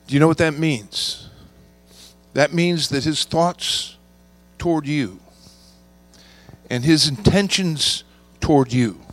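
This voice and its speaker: A man preaching a sermon, reading scripture and slowing down to stress key words. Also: a little high, fairly bright tone. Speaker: pastor.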